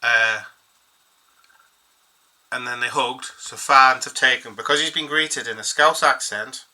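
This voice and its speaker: A man's voice: mid-range voice, steady tone, a little slow, sharp tone, rough recording. A man hosting a football fan channel, chatting casually and reading bits of an article aloud in a rambling way. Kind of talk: casual solo commentary.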